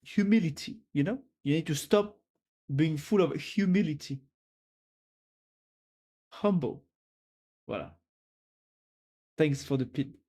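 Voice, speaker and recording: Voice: mid-range voice, normal speed, pauses often, mellow. A streamer with a French accent, chatting casually on a live stream and teasingly giving a viewer a pep talk.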